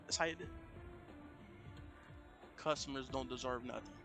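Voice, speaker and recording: A man telling a story in a casual, animated rant on a live stream, often jumping into raised voices to quote people. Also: mid-range voice, brisk, long pauses. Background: music.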